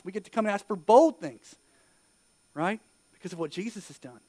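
A man from eastern North Carolina with a local accent, preaching a sermon in a conversational way, with lively asides and acted-out quotes. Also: high-pitched, brisk, long pauses, dry recording. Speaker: pastor.

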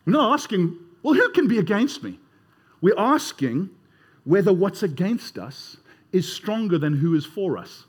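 A man's voice: high voice, big pitch swings, measured pace, breathy edge. A man preaching a sermon in a conversational way, leading the congregation in call-and-response. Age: 30s or older.

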